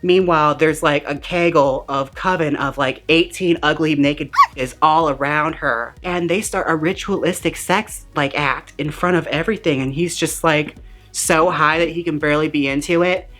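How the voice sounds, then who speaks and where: A woman's voice: sits low, moderate pace, a bit bright, soft background music. A woman giving a campy, comedic movie recap in a sassy, slang-filled way, acting out the characters' lines as she goes. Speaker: movie reviewer.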